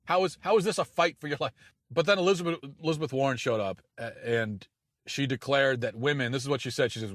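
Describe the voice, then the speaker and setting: A man's voice: on the high side, a bit bright, no room sound. A man delivering a sarcastic, incredulous opinion monologue, often stumbling and restarting as he talks. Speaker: political commentator.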